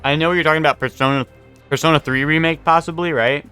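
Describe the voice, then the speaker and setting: A man's voice: on the high side, steady tone, quick pace, pushed and bright, smooth, soft background music. A young man streaming live, chatting casually and rambling as he answers his chat.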